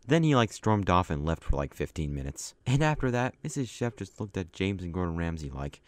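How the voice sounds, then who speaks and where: A man's voice: low-pitched, big pitch swings, brisk, few pauses, no room sound, clean studio sound. A man narrating a personal story casually, chatty with many asides. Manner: chatty, with lots of likes and asides.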